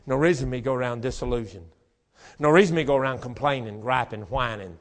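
A man preaching a sermon as pastor, moving between quiet, conversational talk and fervent, shouted rhythmic passages. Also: mid-range voice, fast. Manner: repetitive, rhythmic preaching cadence.

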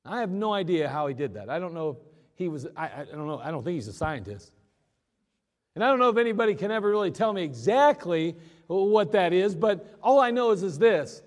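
Male pastor, high voice, folksy sermon delivery with emphatic slowdowns, reverberant hall. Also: big pitch swings.

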